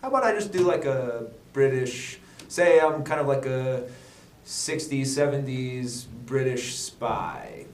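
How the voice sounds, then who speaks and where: Defensive comedy host in an echoey room. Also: male voice, medium pitch. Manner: mock-formal, defensive, quick to protest. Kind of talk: improvised comedy banter. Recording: echoey room, distant mic, faint noise.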